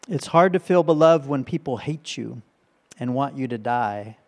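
Preacher who keeps asking "right?". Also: male voice, mid-range voice, expressive, moderate pace. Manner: conversational, often asks "right?". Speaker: pastor. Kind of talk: sermon.

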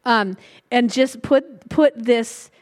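A middle-aged woman preaching a sermon and sharing a personal testimony, earnest and reflective, slowing down to stress key lines. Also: a little high.

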